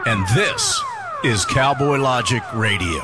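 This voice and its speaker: Dude co-hosting talk radio, teasing and joking, voice jumps up and down a lot. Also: male voice, mid-range voice, wildly swooping pitch, slow pace, heavy background noise. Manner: teasing, playful, wildly swooping delivery. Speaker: radio co-host. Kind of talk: casual radio banter.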